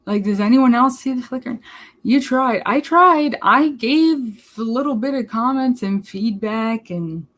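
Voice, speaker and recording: A woman's voice: fairly high pitch, lively intonation, unhurried, a bit bright, rough recording. A woman live streaming, rambling casually to her chat in a blunt, profane way. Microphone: laptop mic.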